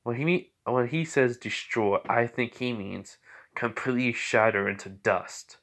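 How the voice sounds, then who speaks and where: A man's voice: medium pitch, unhurried, fairly bright tone. A man casually narrating a fan story, rambling with lots of fillers and corrections.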